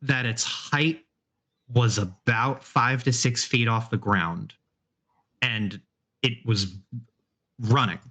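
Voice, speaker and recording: A man running a tabletop horror game as game master, describing scenes in a relaxed way with many fillers. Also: medium pitch, takes it slowly.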